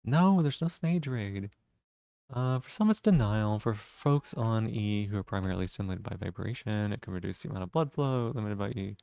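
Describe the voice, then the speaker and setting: A man's voice: lowish voice, animated, fairly quick, gravelly, hardly any pauses, dark tone, smooth, dry recording. A man live-streaming, chatting casually with viewers in a teasing way and swearing freely.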